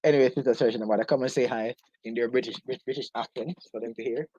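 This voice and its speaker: A man's voice: mid-range voice, fairly even intonation, fast talker, warm tone, lo-fi sound, slight background noise. A man hosting a casual live stream chat, teasing his guest and laughing often.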